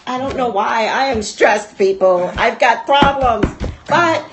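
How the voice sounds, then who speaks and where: A woman's voice: on the high side, slow pace, noisy background. A woman hosting a casual talk show, rambling and chatty, and she often breaks into laughter. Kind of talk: casual chat.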